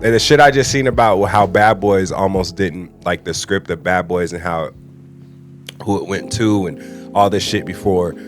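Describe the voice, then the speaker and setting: A man in casual chat, laid-back and slangy, often trailing off quietly. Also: low-pitched, moderate pace, faint music behind.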